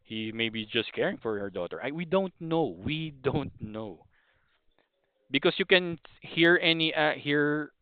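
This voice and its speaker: A man's voice: medium pitch, clean tone, no room sound. A man in his thirties from the Philippines with a Filipino accent, hosting a podcast as a casual opinion monologue, rambling with frequent restarts and apologies. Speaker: podcast host. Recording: thin phone-like audio.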